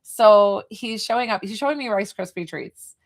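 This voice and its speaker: A woman's voice: mid-range voice, normal speed. A woman working as a psychic medium, giving a live reading in a rambling, hesitant way with many fillers and restarts. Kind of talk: live spirit reading to a viewer.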